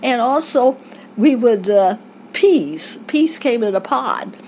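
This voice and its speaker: Older woman reminiscing haltingly. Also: on the high side, very animated, a little mellow, slight background noise, rough recording. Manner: rambling, halting with restarts. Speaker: interviewee. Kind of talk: family oral history recollection.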